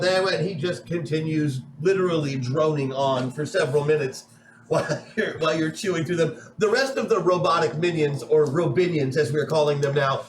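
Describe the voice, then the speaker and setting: A man's voice: on the high side, normal speed, reverberant, slight background noise, low-quality recording. A man narrating a tabletop game as game master in a playful, rambling way.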